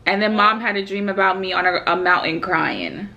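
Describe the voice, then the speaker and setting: In a muffled recording, a young woman's medium-pitched voice sounds pushed and bright. She's vlogging from a hotel room, recounting a story to family over a phone video call in a chatty way, laughing quickly now and then during this casual call.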